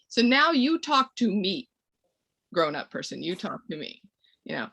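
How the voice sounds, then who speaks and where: A woman's voice: mid-range voice, measured pace, creaky, long pauses, slightly rough. Woman acting out parenting scenes. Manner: lively, acts out little scenes with voices. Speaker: parenting educator on a webinar panel. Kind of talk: conversational webinar talk.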